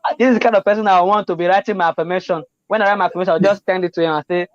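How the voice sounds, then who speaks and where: A high-pitched Nigerian man hosts the chat, gushing and repeating himself as he slips into pidgin. The recording is dull and dry, with no room sound. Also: steady tone, very fast, no room sound. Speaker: interview host. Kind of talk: casual interview chat.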